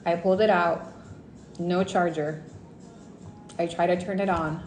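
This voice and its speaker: A woman from Mexico telling a personal story in a casual, animated livestream storytime, dropping in Spanish words. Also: on the low side, a little slow, roomy sound, soft background music. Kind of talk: casual storytime on a live stream.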